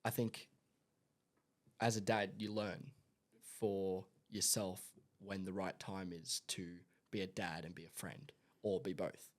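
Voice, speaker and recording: A man's voice: sits low, level tone, measured pace. A young man, a son chatting on a family podcast, rambling and restarting as he searches for words. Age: young adult. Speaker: son of the host. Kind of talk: casual family podcast chat.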